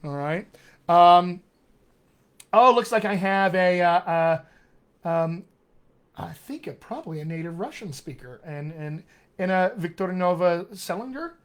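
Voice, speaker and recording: A man's voice: high voice, lively intonation, a little slow, long pauses. Enthusiastic male dialect coach. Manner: enthusiastic, demonstrates sounds, reads viewer comments aloud. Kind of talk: live-streamed accent Q&A.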